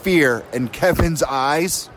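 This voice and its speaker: Animated storytelling man outdoors. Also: on the high side, takes it slowly, very noisy. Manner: animated storyteller, laughs while talking. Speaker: interviewer. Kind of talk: casual chat.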